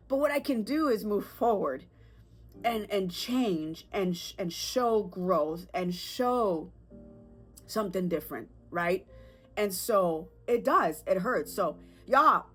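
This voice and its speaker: A woman in her thirties, perhaps with a lilt, hosting a personal podcast in an earnest, emotional way, with halting restarts and fillers. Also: fairly low pitch, husky, soft background music. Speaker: podcast host.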